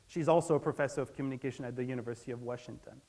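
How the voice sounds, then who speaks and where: Animated man giving a stage talk. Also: medium pitch, rapid-fire. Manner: animated, acts out everyday dialogue in quotes; asks the audience direct questions.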